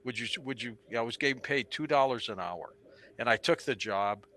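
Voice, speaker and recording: Bright-voiced older man telling lively stories. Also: medium pitch, moderate pace. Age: 70s. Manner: animated anecdotal storyteller who acts out quotes. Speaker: radio talk show host, interview guest. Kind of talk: storytelling interview on stage.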